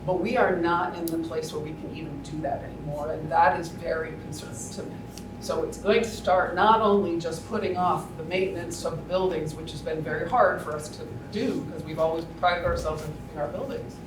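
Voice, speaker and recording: A man on a school board speaking earnestly at a public forum, explaining plans in a measured way. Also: on the high side, fairly even intonation. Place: large meeting room. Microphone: distant room mic. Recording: echoey room audio from far off, noisy.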